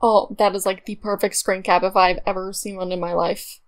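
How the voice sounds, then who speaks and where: A woman's voice: mid-range voice, level tone, normal speed. A young woman chatting casually over her gameplay, bubbly and gushing, with lots of fillers. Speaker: let's play gamer.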